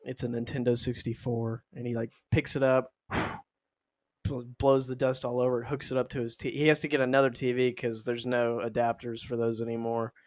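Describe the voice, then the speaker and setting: A man's voice: medium pitch, flat delivery, brisk, a little mellow. A young man co-hosting a casual comedy podcast who spins playful what-if stories and laughs often. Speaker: podcast co-host.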